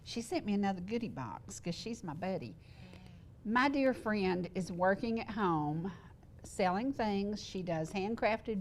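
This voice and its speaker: An older woman hosting a local TV talk show, chatty and quick to laugh, wheezy and congested. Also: fairly low pitch, a little mellow, a little hiss or hum. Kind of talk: casual chat. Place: TV studio set.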